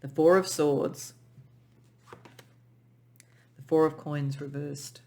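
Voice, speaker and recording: A tarot reader giving a pick-a-pile reading in an emotional, soft, spiritual way, often restarting sentences and at times near tears. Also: medium pitch, fairly even intonation, slow pace. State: tearful.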